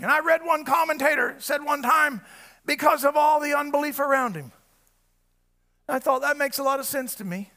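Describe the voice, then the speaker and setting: A man preaching a sermon, fervent, often shouting and then dropping low. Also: moderate pace.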